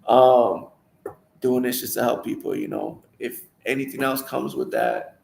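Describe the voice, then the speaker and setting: A man's voice: mid-range voice, unhurried, gravelly, a little mellow, echoey room, slight background noise, poor audio. A man telling a personal story in a casual, rambling way, full of "you know" asides. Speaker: storyteller sharing his life story.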